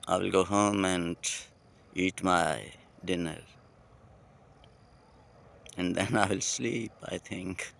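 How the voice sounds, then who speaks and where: This vlogger, a man with a Pakistani English accent, muses aloud outdoors at night in a poetic, heartfelt monologue, taking his time and dwelling on every phrase. His voice sits lowish, smooth and clear with a fairly bright tone and fairly even intonation.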